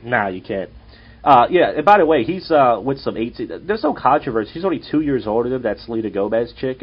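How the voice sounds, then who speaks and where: A man's voice: mid-range voice, animated, a little fast, husky. A young man, hosting a casual podcast and telling rambling, profane stories. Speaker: podcast host and comedian. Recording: dull lo-fi audio.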